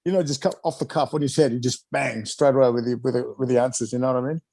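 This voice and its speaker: Mellow-voiced rambling man, chuckling. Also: mid-range voice, very fast, dry recording. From Wales. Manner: rambling, chuckling, full of filler phrases. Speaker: guest, retired wrestler. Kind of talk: casual rambling reminiscence.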